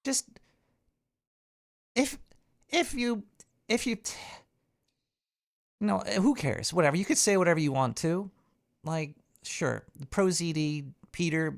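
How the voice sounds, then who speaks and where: A man's voice: on the high side, creaky. Male talk-show host, rambling, profane, stammering, casual rant.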